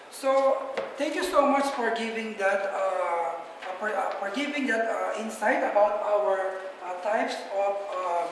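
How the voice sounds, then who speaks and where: A young woman working as a student teacher gives a patient, encouraging classroom lesson, repeating the key points. Her voice is on the high side, picked up by a far-off camera in an echoey classroom with slight background noise.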